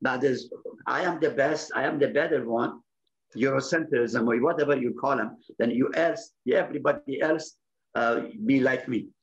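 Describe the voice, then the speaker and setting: A man's voice: mid-range voice, moderate pace. A man from Iran, explaining politics in a lecturing way, often restarting and checking in with "okay?". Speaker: interviewee, political commentator. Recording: slightly muffled, lo-fi recording.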